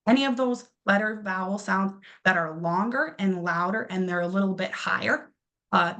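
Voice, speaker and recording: A woman's voice: medium pitch, vocal fry, fairly bright tone. Patient young woman teaching a class. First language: English. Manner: patient and encouraging, often says um, models words slowly. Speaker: English teacher. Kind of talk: classroom lesson explaining pronunciation.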